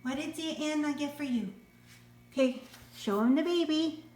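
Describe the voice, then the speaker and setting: A woman's voice: high-pitched, normal speed, a little mellow. A woman filming her parrot at home, talking to him in sing-song baby talk, cooing, gasping and laughing often. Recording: echoey room with faint noise.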